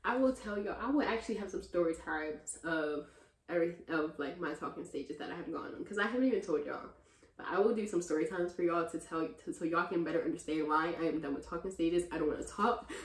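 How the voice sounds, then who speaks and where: A young woman in her twenties chatting casually in a Q&A vlog, talking to her viewers as "y'all" and getting loud and animated when she vents. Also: on the low side, fast talker. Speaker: vlogger answering viewer questions. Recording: roomy echo.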